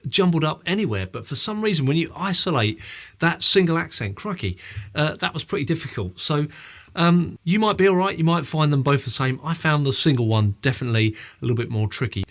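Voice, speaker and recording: A man's voice: a little high, fairly quick. A man explaining drum technique in a friendly online lesson. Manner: friendly, explanatory, lively delivery. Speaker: drum teacher.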